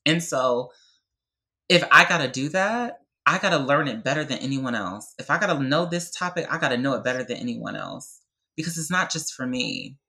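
A woman's voice: very deep voice, lively intonation, normal speed, pushed and bright, poor audio. A young adult woman speaking with passion and conviction as a podcast guest, often checking in with "right?". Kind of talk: heartfelt podcast conversation.

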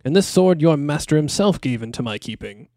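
A man voicing a sly, scheming royal counselor who flatters his lord. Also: a little high, a little fast, no room sound, clean studio sound, lightly acted. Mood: fawning.

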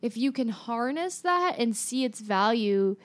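A woman's voice: a little high, animated, unhurried. A woman co-hosting a casual talk show, speaking in a reflective way. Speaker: podcast co-host. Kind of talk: casual conversation.

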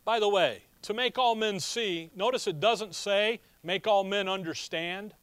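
A man's voice: sits high, measured pace, a bit bright, smooth, no echo. A man preaching a sermon in a conversational way, asking rhetorical questions and telling personal stories with a chuckle. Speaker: pastor.

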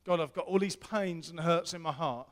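Earnest preacher in a reverberant hall. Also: male voice, fairly high pitch, normal speed. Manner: earnest, repetitive, swings from loud to hushed. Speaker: pastor. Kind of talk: sermon.

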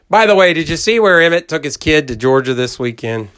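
A man's voice: on the high side, lively intonation, fairly quick, hardly any pauses, a bit bright, clean tone. A middle-aged man hosting a college football podcast in a folksy, rambling way, talking straight to his listeners with plenty of emphasis. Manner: folksy, rambling storyteller who acts out quoted voices. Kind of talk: casual podcast chat.

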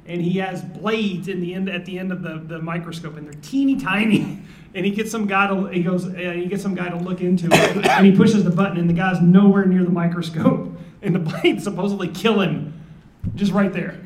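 A man on a convention panel, telling a story in an animated, exasperated way. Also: high-pitched, a little fast. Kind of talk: casual panel chat. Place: large convention panel room. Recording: echoey room, faint background noise.

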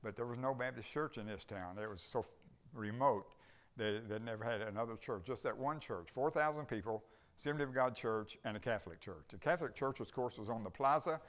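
In a brisk, mid-range voice with a fairly bright tone, an older visiting preacher spins a folksy tale during a church service. He's a rambling storyteller who voices each character's lines in his testimony.

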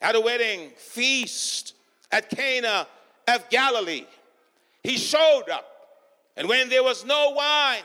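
A male preacher with a very high, bright voice delivers his sermon slowly, leaning on repeated refrains and breaking into shouts. His voice rings out with a long reverb across a large church hall.

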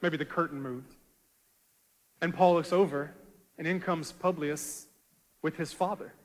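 A male pastor preaching a dramatic sermon, swinging from quiet low asides to loud rising appeals. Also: steady tone, unhurried, big-room sound.

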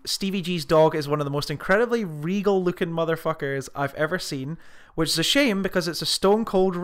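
Sweary chatty man, higher voice. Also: fairly bright tone, smooth. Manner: swears freely, reads out online comments with amused relish. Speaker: podcast co-host. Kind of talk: casual film review chat.

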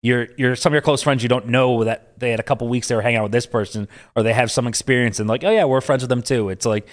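A man's voice: medium pitch, flat delivery, quick pace. Rambling man from upstate New York. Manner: rambling, full of "like" fillers. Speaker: podcast guest, poker player. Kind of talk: casual podcast chat.

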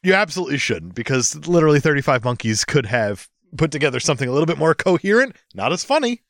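A man banters on a comedy podcast, teasing his co-host with mock outrage. His slightly high voice swings a lot in pitch, and the recording is dry and close. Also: big pitch swings, quick pace, a bit bright, no room sound. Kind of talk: casual comedic chat.

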